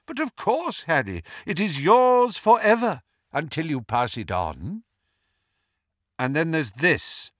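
A man voicing a kindly, wise old male headmaster who speaks with gentle approval in an audiobook. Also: mid-range voice, very animated, takes it slowly, pauses often, dry recording, clean studio sound, exaggerated voice. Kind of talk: audiobook character voice.

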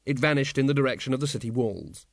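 A man narrating an audiobook with lively, expressive storytelling. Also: mid-range voice, fast, vocal fry, dry recording, clean studio sound.

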